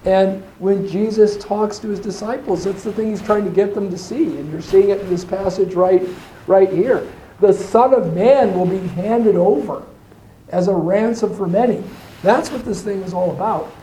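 A man with a fairly high but mellow voice explains ideas in a thoughtful way, drifting off on side paths and slowing down to stress key points. The room around him is echoey and carries a faint hiss. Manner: thoughtful, digressive, with slowed emphasis. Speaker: teacher. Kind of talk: explaining faith in a discussion.

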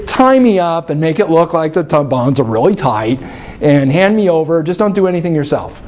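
High-voiced male lecturer. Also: a little mellow. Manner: conversational, checks in with "okay?" often. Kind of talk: classroom lecture.

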